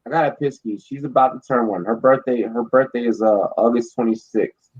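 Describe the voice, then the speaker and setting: A man hosting a casual late-night live stream, drinking and telling rambling, profane, animated stories. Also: mid-range voice, fairly quick, slightly rough. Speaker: podcast host. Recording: dull lo-fi stream audio.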